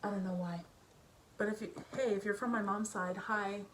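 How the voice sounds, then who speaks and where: A young woman talks through her makeup in a relaxed get-ready-with-me chat, full of fillers and self-conscious asides. Her pitch sits in an ordinary middle range. The recording was made at home, with faint household noise behind her. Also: moderate pace. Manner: chatty, filler-heavy, self-conscious and giggly. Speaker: beauty vlogger. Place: home bedroom with family noise downstairs.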